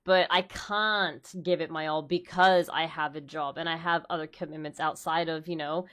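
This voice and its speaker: Animated young woman streamer chatting. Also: deep voice, moderate pace. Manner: animated, laughs often, acts out quoted dialogue. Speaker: streamer host. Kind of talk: casual chat.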